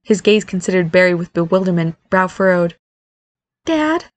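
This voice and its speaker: Low-voiced woman narrating a story. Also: little pitch movement, brisk. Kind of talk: scripted narration.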